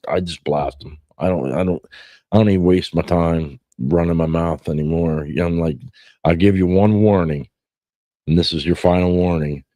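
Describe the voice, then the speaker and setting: With a low-pitched, warm voice and no echo, a middle-aged podcast host chats casually. His stories ramble, he swears often, and he frequently starts over.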